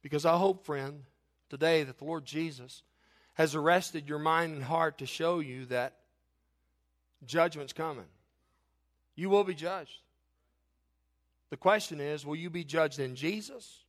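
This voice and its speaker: An impassioned middle-aged male preacher with a high-pitched voice. He reads scripture aloud and presses his hearers, his voice climbing and swelling toward near-shouts when he drives a point home. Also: measured pace, pauses often. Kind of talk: sermon.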